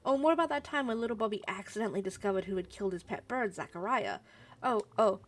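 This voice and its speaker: A woman's voice: mid-range voice, animated, fast, close to an everyday voice. A woman voicing an elegant widow in a video game, gracious on the surface and sarcastic underneath. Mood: needling. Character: elegant widowed woman, sweetly cutting and proud.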